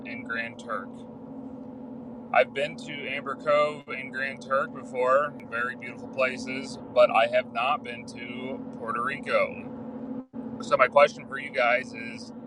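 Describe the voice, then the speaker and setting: A man's voice: mid-range voice, noisy background. Eager man leaving a voicemail from Missouri. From Missouri, USA. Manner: friendly and eager. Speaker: listener calling in with a voicemail. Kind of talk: recorded voice message.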